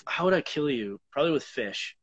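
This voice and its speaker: A man, an actor, chatting casually as a guest, hesitant and halting with many fillers. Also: a little high, lively intonation, a bit bright, muffled recording. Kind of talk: casual chat.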